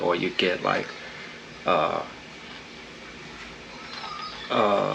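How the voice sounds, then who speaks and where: A man hosting a casual home vlog, talking in a relaxed, rambling way with laid-back slang. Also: sits low, creaky, slight background noise. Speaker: vlog host. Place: home indoors.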